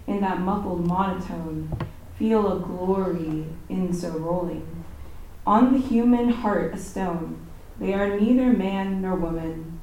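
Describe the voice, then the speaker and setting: A woman student reads verse slowly, in a low, mellow voice. She sits far from the mic in a very echoey classroom, with faint room noise behind her. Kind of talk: reading a poem aloud in class.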